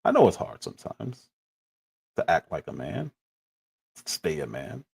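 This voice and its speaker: A man's voice: low voice, wildly swooping pitch, measured pace, vocal fry, a little mellow, slightly rough. A man in his forties giving critical, exasperated commentary on clips during a livestream.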